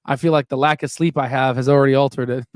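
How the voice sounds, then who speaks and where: A man's voice: mid-range voice, steady tone, quick pace, no echo, studio quality. A young man hosting a casual investing livestream, rambling and upbeat as he reads out viewer chat. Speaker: stock investing channel host.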